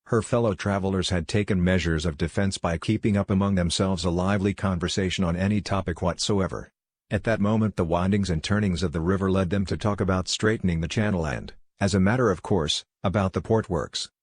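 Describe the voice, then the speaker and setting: Deep-voiced man reading an audiobook. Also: fairly quick, husky, no echo, studio quality. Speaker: audiobook narrator. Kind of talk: scripted audiobook narration.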